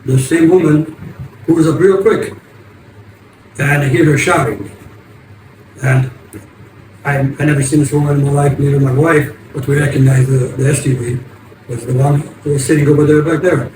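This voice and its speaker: An older American man, a vlogger, casually recounts a story in a rambling, halting way full of restarts, his voice a little high for a man. Because he sits back from the mic, he sounds echoey and distant, with a steady hiss of noisy ambience underneath.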